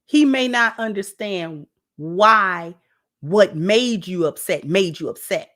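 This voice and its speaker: A woman giving casual relationship advice to camera, talking conversationally, repeating phrases and dropping low and soft for asides. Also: slow pace. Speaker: relationship vlogger.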